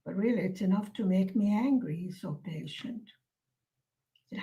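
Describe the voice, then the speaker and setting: A woman vlogger chatting casually to her viewers, soft-spoken and musing, pausing often with fillers. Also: mid-range voice, low-quality recording. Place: lives in Hungary.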